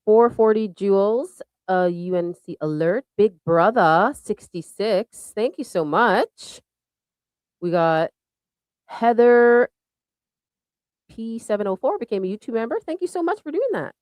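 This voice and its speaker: A woman's voice: mid-range voice, expressive, unhurried, a little mellow, dry recording. A woman hosting a casual livestream chat, bubbly and thanking viewers one by one. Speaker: show host.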